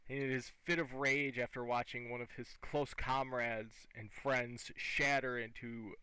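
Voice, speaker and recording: A man leads a tabletop game as its master, painting each scene in lively detail. His voice is bright and forward, and the recording is dry and close. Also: mid-range voice, measured pace, clear, resonant tone, no room sound, rough recording. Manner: lively, descriptive narration.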